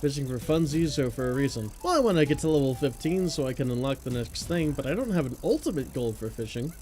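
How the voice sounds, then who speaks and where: A man's voice: medium pitch, expressive, fast talker, a little mellow, a little hiss or hum. A young man live-streaming a game, chatting casually with a goofy, jokey manner and humming nonsense tunes. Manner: goofy, laughing, hums and scats nonsense tunes.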